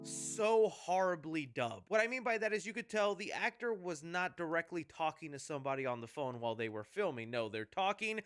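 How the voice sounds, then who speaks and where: A man's voice: a little high, animated, fairly quick, few pauses, fairly bright tone, soft background music. A man giving a sarcastic, joking movie review commentary.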